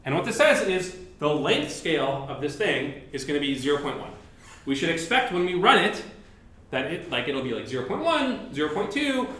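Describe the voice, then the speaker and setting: A man's voice: fairly high pitch, sing-song, moderate pace, a bit bright. Casual lecturing man in an echoey room. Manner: casual, chatty explaining with many fillers. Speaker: professor. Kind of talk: university lecture. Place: lecture hall.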